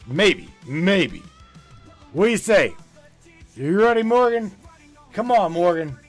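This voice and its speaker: A man hosting a live call-in show, playful and teasing, with drawn-out exclamations. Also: high-pitched, very animated, soft background music.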